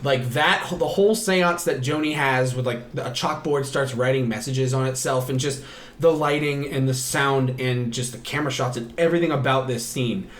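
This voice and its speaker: A man's voice: medium pitch, normal speed, reverberant. A man hosting a podcast, casually recapping a movie in a rambling, profane way. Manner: rambling, profane, acts out characters' lines. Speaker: podcast host. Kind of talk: casual chat recapping a film.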